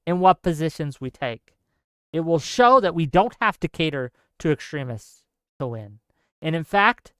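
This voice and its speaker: A man hosting a political livestream, his voice smooth and crisp on a close mic. He speaks with passion, says points twice over and keeps asking his audience "right?" The sound is dry, with hardly any room around it. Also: on the high side, a bit bright, dry recording. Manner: impassioned, repeats himself for emphasis; checks in with listeners with "right?". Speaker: livestream host.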